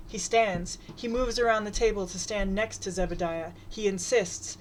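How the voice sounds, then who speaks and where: A woman reading a comic story aloud in a wry, deadpan way. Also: medium pitch, normal speed, few pauses, a little hiss or hum. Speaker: reader.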